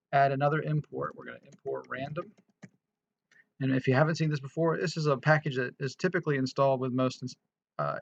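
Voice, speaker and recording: A man's voice: medium pitch, gravelly, a bit bright, muffled recording. A man casually walking through a programming tutorial, thinking aloud with frequent restarts and fillers. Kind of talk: casual screen-recorded coding tutorial.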